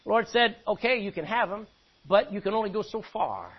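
High-voiced, husky preaching man. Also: expressive, brisk, dull audio. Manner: preaching with rising emphatic bursts and quiet asides. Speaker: pastor. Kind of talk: sermon.

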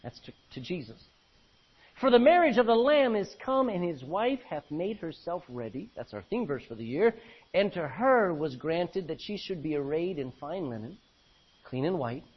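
A man pastor preaching a sermon, reading old-fashioned scripture aloud and swinging between loud emphasis and low, quiet lines. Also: very animated, moderate pace, breathy edge. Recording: dull lo-fi recording.

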